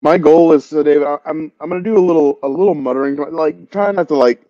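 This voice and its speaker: A man's voice: on the high side, no room sound, highs cut off. A man playing a tabletop game, explaining his plans eagerly and interrupting himself. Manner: eager, fast, self-interrupting. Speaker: player.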